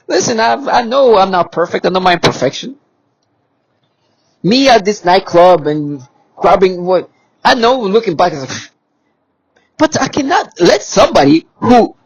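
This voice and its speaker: A man's voice: high-pitched, big pitch swings, normal speed, gravelly, long pauses, breathy edge, poor audio. A man speaking in an agitated monologue to camera. He talks emphatically and repeats himself, with many restarts and rhetorical questions. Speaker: vlogger.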